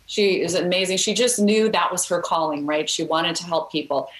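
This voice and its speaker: A woman's voice: fairly low pitch, normal speed. Earnest woman telling a story, echoey. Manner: earnest storytelling with many fillers and restarts. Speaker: guest, author. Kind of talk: podcast interview chat. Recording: roomy echo.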